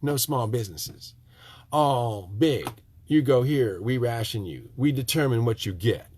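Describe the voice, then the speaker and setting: A man with a nasal Michigan accent, a tiny house builder ranting to his viewers, swinging from loud outbursts to low, hushed asides. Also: lively intonation, a little slow, slight background noise.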